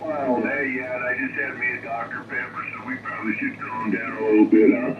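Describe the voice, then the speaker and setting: A man's voice: medium pitch, steady tone, fairly quick, slight background noise. A man chatting easily on the radio with a distant station, heard through the receiver. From Northern Idaho. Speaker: radio operator. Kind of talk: casual radio chat. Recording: tinny radio signal, distant and roomy.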